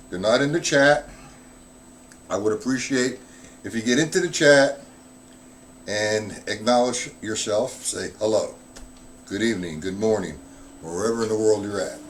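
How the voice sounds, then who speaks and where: A man teaching a live-streamed drum lesson, explaining strokes patiently and counting beats aloud. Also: medium pitch. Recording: loud background noise.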